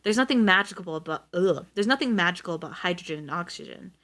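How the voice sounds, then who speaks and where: A woman's voice: on the low side, animated, fast talker, fairly bright tone. A woman reading aloud as a defensive, sarcastic male schoolteacher with a sardonic, flustered way of talking.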